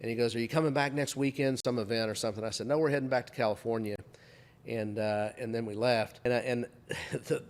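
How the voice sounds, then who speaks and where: Fast-talking middle-aged man telling a story. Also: medium pitch. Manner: animated storyteller, acts out quoted voices. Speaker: guest. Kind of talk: casual storytelling chat.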